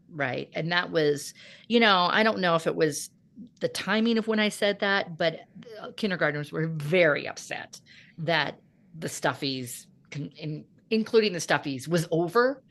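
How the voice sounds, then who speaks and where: A middle-aged woman hosting a chat show, telling an animated story about her teaching day and acting out the people in it. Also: on the low side, normal speed. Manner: animated storytelling, acts out voices. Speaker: podcast host. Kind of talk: casual chat.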